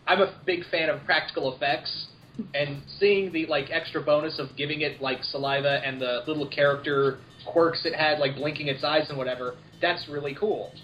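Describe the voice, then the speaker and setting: A man's voice: fairly high pitch, fairly even intonation, normal speed, fairly bright tone. A man co-hosting a casual podcast chat, an enthusiastic fan who talks with lots of fillers. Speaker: podcast co-host. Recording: slightly dull lo-fi podcast audio.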